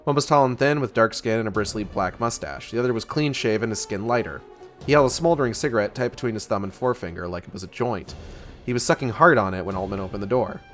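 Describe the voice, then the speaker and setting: A man reading a novel aloud on a livestream, casual and pausing to correct his own misreads. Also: fairly low pitch, a bit bright, faint music behind. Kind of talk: book club reading on a livestream.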